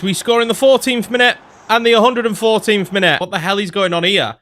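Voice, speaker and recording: A man's voice: sits high, fast talker, hardly any pauses, a little hiss or hum. A young man, commentating his own football video game and ranting in frustration. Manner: animated, exasperated ranting. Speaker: gaming YouTuber. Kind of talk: gameplay commentary.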